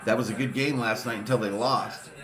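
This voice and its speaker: A man hosting a live fan watch party, calling pitches with excitement and reading viewer comments aloud between plays. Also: a little fast, music in the background. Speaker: sports fan streamer and watch-party host.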